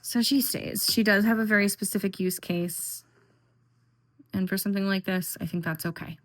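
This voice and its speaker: A woman's voice: medium pitch, fairly even intonation, moderate pace. Chatty, rambling woman vlogger. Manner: chatty and rambling, with frequent fillers and "like". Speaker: tarot and oracle deck vlogger. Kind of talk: casual chat.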